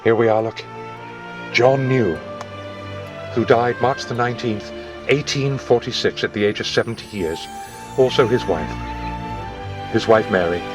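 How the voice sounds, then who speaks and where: A man in his sixties giving an enthusiastic, sentimental guided video tour outdoors in a village churchyard. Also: lowish voice. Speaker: actor giving a location tour. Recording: distant mic with music behind.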